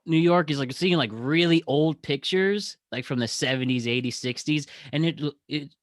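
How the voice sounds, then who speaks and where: A man's voice: fairly high pitch, moderate pace, dry recording, clean studio sound. A young man hosting a podcast in casual chat, rambling with frequent restarts and fillers. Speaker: podcast host.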